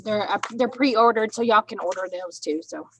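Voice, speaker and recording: A woman's voice: medium pitch, moderate pace, fairly bright tone, slight background noise, rough recording. Chatty, laughing woman co-host. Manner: chatty and upbeat, laughs a lot; informal, says y'all. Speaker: co-host of an astronomy community livestream. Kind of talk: casual chat.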